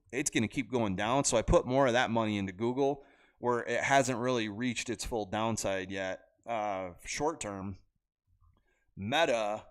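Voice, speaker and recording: Blunt, rambling male livestream host. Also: medium pitch. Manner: loose, blunt, rambling talk with chat asides. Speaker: livestream host talking stock trades. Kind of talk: casual livestream chat. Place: home room at a computer. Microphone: computer mic.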